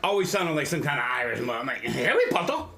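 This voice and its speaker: An older man co-hosting a podcast, telling crude stories in a deadpan, casual way. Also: mid-range voice, rapid-fire. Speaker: podcast co-host. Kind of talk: casual banter.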